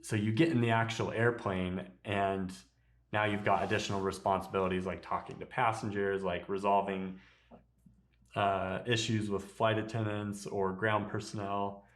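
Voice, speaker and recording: Man, very low voice, casual podcast chat, relaxed storytelling, laughs easily. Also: normal speed. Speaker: podcast host, airline pilot.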